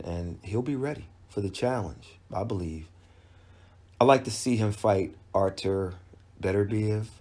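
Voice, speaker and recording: Low-voiced slow man talking boxing. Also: dark tone. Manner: conversational, emphatic, with frequent restarts. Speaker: boxing commentator. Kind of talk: casual video commentary.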